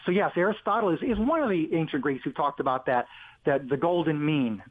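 A male author, a guest on a radio interview, talks with animated energy and often restarts his sentences while telling a story. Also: on the high side, brisk, breathy edge. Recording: tinny phone line.

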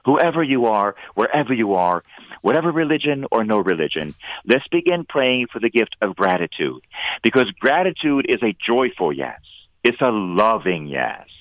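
Man, priest, radio talk, earnest, emphatic bursts, mid pitch, dry close sound. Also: moderate pace, dry recording, muffled recording. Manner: earnest, preacherly, swings into lively emphatic bursts. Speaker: priest and radio show regular. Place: radio studio.

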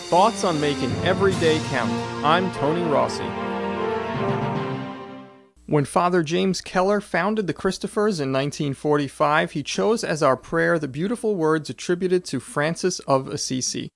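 A man reading a prayer for a short radio spot in a calm, measured way. His voice is gravelly and a bit high. The sound is dry and close, with faint music behind it. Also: no echo. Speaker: radio segment host.

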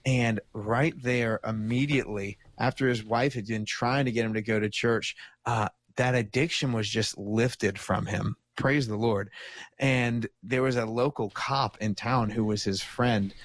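Animated laughing male storyteller. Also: medium pitch, measured pace, no room sound. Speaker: radio show co-host. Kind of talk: storytelling on a talk radio show.

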